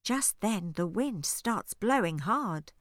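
A woman narrating a rhyming children's storybook in an expressive, sing-song studio reading. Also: medium pitch, slow. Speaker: audiobook narrator. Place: recording studio. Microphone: studio microphone.

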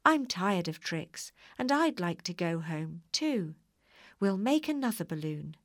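A woman's voice: on the low side, big pitch swings, a little slow, no echo. Woman reader doing a kindly, apologetic storybook wizard; dry close sound.

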